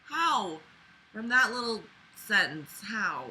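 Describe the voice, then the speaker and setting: Slow, very bright-voiced sarcastic woman. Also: mid-range voice, animated, slight background noise, poor audio. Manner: sarcastic, profane, exasperated. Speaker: book reader and commentator. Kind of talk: reading a novel aloud with mocking commentary.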